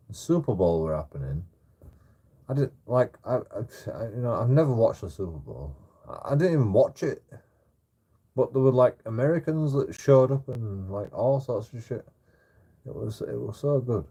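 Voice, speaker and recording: A streamer with a lowish, mellow, husky voice tells a meandering story in casual chat. He stumbles over repeated words and swears a lot throughout the anecdote.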